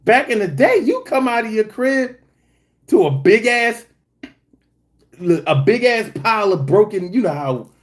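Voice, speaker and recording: A man talks casually to his stream chat, his voice leaping high and low as he tells stories. He jokes freely and swears often. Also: measured pace. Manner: animated, swings high when telling stories; profane and joking. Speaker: livestream host reading chat.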